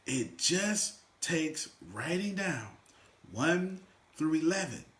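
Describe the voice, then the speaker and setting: Male motivational coach, animated and bright, lively pitch, echoey room. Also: slow pace. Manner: animated, swings from loud shouts to quiet asides. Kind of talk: energetic motivational teaching. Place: room with a small live audience.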